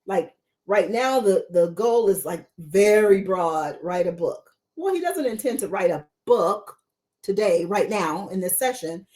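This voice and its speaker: A woman's voice: mid-range voice, animated, a little slow, dark tone. A woman mentor coach teaching a live-streamed coaching lesson, repeating rhetorical questions to her viewers.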